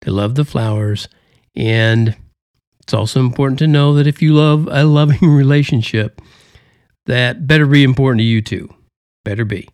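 A man hosts a podcast, delivering a folksy, rambling monologue full of jokes in a put-on Southern drawl. His voice is medium-pitched and darkish at normal speed, recorded in studio quality with no echo.

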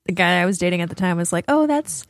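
A woman co-hosting a podcast, telling stories in a chatty, animated way. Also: fairly low pitch, racing, gravelly. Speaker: podcast co-host. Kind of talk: casual chat.

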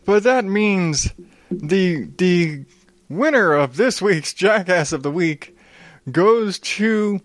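A man's voice: sits high, lively intonation, slow pace, no echo. A man hosting a show, ranting about odd news in a sarcastic, swearing way, sniffling now and then. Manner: sarcastic, swears a lot, frequent restarts. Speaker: show host. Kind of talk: profane comedic news rant.

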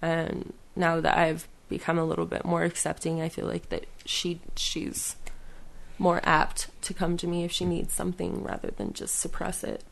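A woman talking casually as a podcast guest, rambling and halting with many fillers and restarts. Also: lowish voice, steady tone, creaky. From western United States. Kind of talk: casual conversation.

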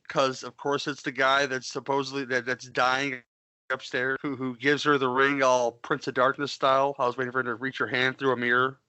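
Bright-voiced man rambling about movies. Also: medium pitch, dry recording. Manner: rambling, crude, joking, frequent restarts. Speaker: podcast co-host. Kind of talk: casual movie-review chat.

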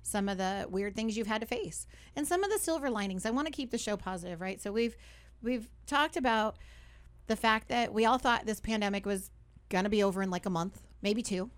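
A woman's voice: mid-range voice, lively intonation, a little fast. A young woman talks on her radio show from the studio, chatty and upbeat. Her voice sits in a middle register, and she keeps checking in with the listener as she goes. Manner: chatty, upbeat, many fillers and "right?". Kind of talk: casual radio talk.

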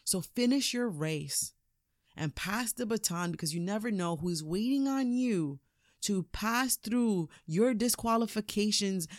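A woman hosting a podcast, giving an energetic, preachy motivational talk and laughing often. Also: medium pitch, dry recording, studio quality. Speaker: podcast host, motivational speaker.

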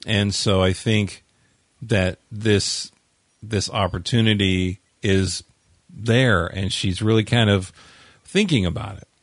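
Deep voiced guy cohosting, slow halting chat, dry mic. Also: no echo. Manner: halting, relaxed, trails off mid-sentence. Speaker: podcast co-host. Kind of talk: casual chat recapping a TV episode.

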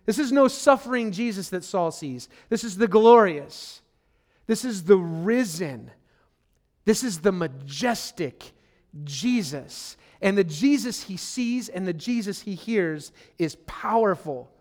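A man's voice: sits high, animated, slow pace, darkish tone. A man preaching a sermon as a pastor, earnest and emphatic, repeating key phrases and speaking to listeners directly as "friend.".

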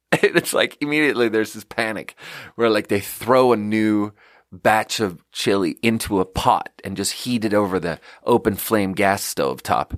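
Animated man telling a kitchen story. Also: dry recording, studio quality. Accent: Swedish. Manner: animated, rises to high shouting when quoting the kitchen. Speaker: podcast host. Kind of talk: casual storytelling.

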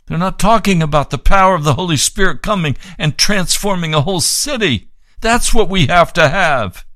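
A man's voice: high voice, expressive, moderate pace, bright, forceful tone, no room sound, studio quality. A man preaching on the radio, reading aloud from a book and making fervent, pleading appeals for donations.

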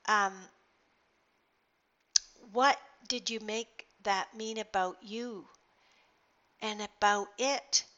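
Middle-aged woman, earnest and rambling, bright tone, dull lo-fi sound; casual personal monologue. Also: on the high side. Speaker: speaker sharing personal reflections. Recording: dull lo-fi recording.

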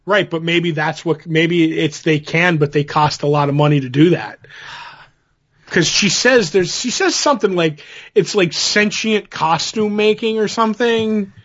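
A man co-hosting a casual TV podcast, chatty, quick to agree and to laugh along. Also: fairly high pitch, fairly bright tone, muffled recording. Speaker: podcast co-host. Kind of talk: casual TV recap chat.

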